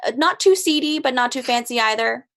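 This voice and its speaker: A woman narrating as game master of a tabletop game, relaxed and hesitant, with many fillers. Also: high-pitched, brisk.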